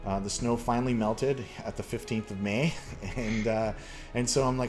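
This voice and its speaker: A man's voice: fairly low pitch, steady tone, moderate pace, faint music behind. A man from Canada hosting a casual chat, rambling through a story with lots of fillers. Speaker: podcast host.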